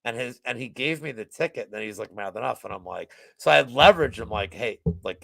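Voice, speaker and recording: Gravelly, animated man telling a rambling story. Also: fairly low pitch, brisk, no room sound. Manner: rambling, heavy use of "like", swears a lot. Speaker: podcast guest. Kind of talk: casual storytelling chat.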